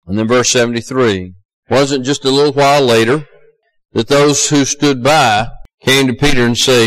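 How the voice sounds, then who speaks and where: A man with a Southern US accent preaching a sermon in a folksy, conversational way that climbs to loud, high emphasis. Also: animated, normal speed, rough recording. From American South.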